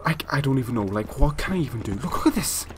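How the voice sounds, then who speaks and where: Excitable gamer man. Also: mid-range voice, fast talker. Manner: excitable, shouts and complains at his controller. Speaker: gamer commentating his own match. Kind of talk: gameplay commentary. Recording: noisy with game gunfire behind.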